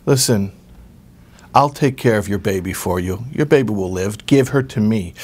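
A man's voice: fairly low pitch, moderate pace, a little mellow, husky. A man voicing an old farmer's wife who soothes and pleads in a story. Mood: soothing. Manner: soothing, then urgent.

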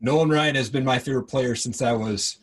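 A man's voice: medium pitch, fairly quick, breathy edge. A man in his thirties hosting a podcast interview, laughing often and chiming in eagerly. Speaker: podcast host. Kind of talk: casual interview.

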